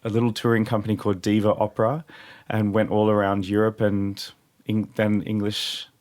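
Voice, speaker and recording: Easygoing man, lowish voice. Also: level tone, normal speed, a little mellow. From Australia. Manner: easygoing, laughs often, rambling anecdotes. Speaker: guest opera tenor. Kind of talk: radio interview. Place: radio studio. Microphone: studio microphone.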